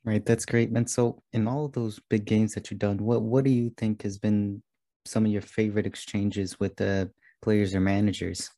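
Flat-voiced male podcast host. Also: on the low side, moderate pace. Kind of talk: interview questions.

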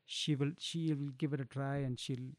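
A man's voice: medium pitch, fairly even intonation, normal speed, a little mellow, no room sound, studio quality. A middle-aged man, a chef, chatting casually in an interview, laughing often and restarting his phrases. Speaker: chef and food business owner.

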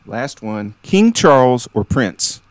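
A man hosting a podcast interview, playful as he quizzes his guest with quick either-or questions. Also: medium pitch, sing-song, dry recording. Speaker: podcast host.

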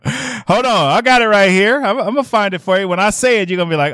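A man hosting a radio shopping call-in show, energetic and laughing often as he pushes deals to callers. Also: sits high, brisk, no room sound. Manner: energetic, laughs often, animated sales patter. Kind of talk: lively radio call-in selling. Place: radio studio.

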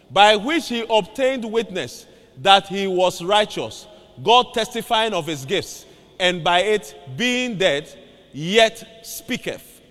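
A man preaching a sermon, calling out to his congregation for responses and shouting key lines. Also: sits high. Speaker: pastor. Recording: long hall reverb.

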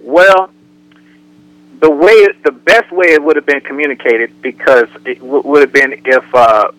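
A man's voice: fairly high pitch, a little slow, no room sound, rough recording. A man co-hosting a casual radio talk show, telling jokes and acting out the way people talk. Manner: joking storyteller, animated impressions.

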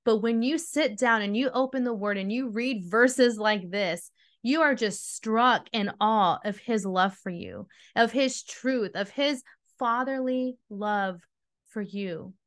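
A woman's voice: a little high, slow. A woman hosting a devotional teaching, earnest and emphatic, speaking straight to her listeners. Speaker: podcast host and Bible teacher.

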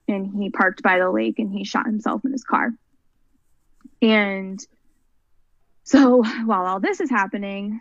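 A woman's voice: mid-range voice, dry recording. A young adult woman, a podcast interview guest, recounting a personal story in an earnest, rambling way. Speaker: guest, mental health advocate. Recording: dull lo-fi, dry sound.

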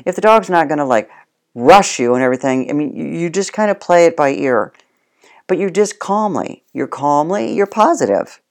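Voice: mid-range voice, lively intonation, normal speed. A dog trainer giving casual spoken instruction, plain-spoken and addressing the listener directly.

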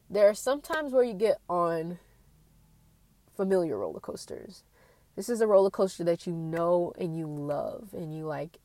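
A woman's voice: on the low side, mellow, no echo. A young adult woman, a college student, talking through her feelings in a rambling, earnest personal monologue full of fillers.

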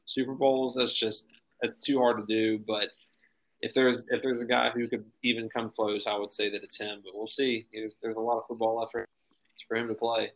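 A man's voice: fairly low pitch, level tone, moderate pace, muffled recording. A man co-hosting a sports podcast, chatting casually in an easygoing, joking way. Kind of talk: casual chat.

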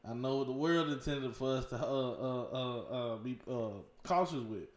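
A man in casual, crude banter with friends, animated and acting out quotes as he tells stories. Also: medium pitch, normal speed, echoey room. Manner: animated storyteller, acts out quotes.

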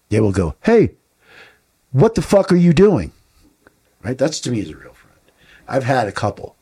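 A man's voice: lowish voice, mellow, slightly rough. A man co-hosting a podcast, talking bluntly and swearing often, firing off rhetorical questions in casual talk. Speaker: podcast co-host.

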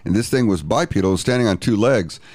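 Man with a very low voice, dry close mic, steady matter-of-fact storyteller. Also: a little fast, no room sound. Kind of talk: casual storytelling chat.

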